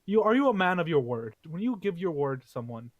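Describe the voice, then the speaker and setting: A man's voice: on the high side, sing-song, brisk, no room sound, highs cut off. A man playing a smiling, sorrowful adventurer who keeps his word, speaking earnestly and apologetically.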